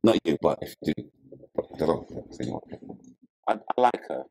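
Brief: cocky male comedian on a date show, deep voice, pitch leaping all over, crude swagger. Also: big pitch swings, normal speed, vocal fry, darkish tone, slight background noise, low-quality recording. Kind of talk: brash comic banter.

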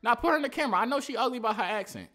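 A man's voice: very high-pitched, lively intonation, racing, crowd noise. A man hosting a casual video chat, teasing and trash-talking strangers. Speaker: video host.

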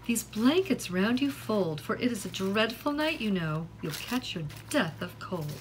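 A woman's voice: mid-range voice, animated, measured pace, noisy background, lightly acted. A woman reading a poem aloud, lifting her voice for a worried mother. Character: anxious caring mother.

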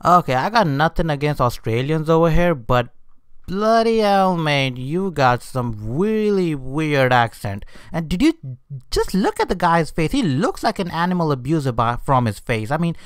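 Indignant man ranting, smooth voice. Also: a little high, big pitch swings, normal speed, no room sound. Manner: indignant ranting with frequent hesitations. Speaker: vlogger. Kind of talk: unscripted rant.

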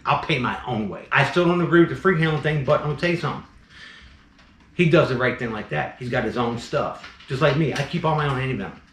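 A man's voice: medium pitch, fast talker, roomy sound. A man who breeds venomous snakes, ranting bluntly in a vlog, fired up and repeating himself. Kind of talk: impassioned vlog rant.

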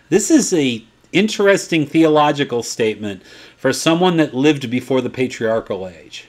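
A man in his fifties teaching from the Bible in a sermon style, swinging between quiet asides and excited high points. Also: normal speed. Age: 50s. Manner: animated, swings from low asides to excited peaks.

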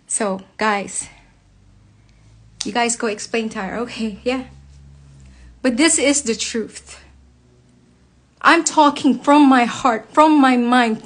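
A woman with a notably high voice talks straight to camera, blunt and impassioned. Her speech is heavily profane and personal, in the manner of an unscripted rant to her followers. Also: breathy edge. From United States. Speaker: vlogger speaking to viewers.

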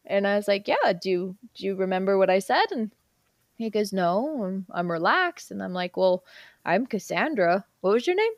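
A woman's voice: mid-range voice, fairly quick, no echo, studio quality. A woman guest, a hypnotherapist, telling a story in casual chat, laughing often and acting out the people she quotes. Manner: laughs often, animated retelling with quoted voices.

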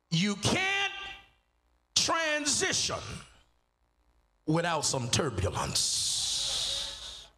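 A man preaching as a guest pastor at a church service, emphatic and repetitive, drawing out key words and building to shouts while he calls on the congregation to answer. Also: on the high side, wildly swooping pitch. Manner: drawn-out phrasing on key words. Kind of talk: sermon with call and response.

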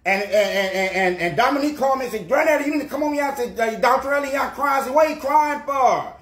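An actor playing an older Southern granddad with a Gullah Geechee accent, rambling and stammering through comedy stories. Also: male voice, very high-pitched, animated, fast talker, a bit bright, reverberant, heavily acted.

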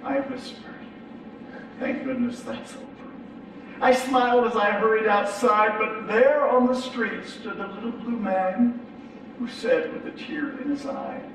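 High-voiced pastor in an echoey hall. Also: male voice, measured pace, a bit bright, slight background noise. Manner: conversational, with frequent repeated words. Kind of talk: sermon. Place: large church sanctuary. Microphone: distant from the mic. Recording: echoey church hall from far off.

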